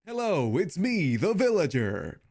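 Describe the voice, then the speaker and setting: A grinning, overly proper game villager with a stagey British lilt, as a man puts him on. The voice sits well above his usual pitch and drawls slowly and theatrically. It is pure cartoonish politeness. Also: very animated, darkish tone, heavily acted.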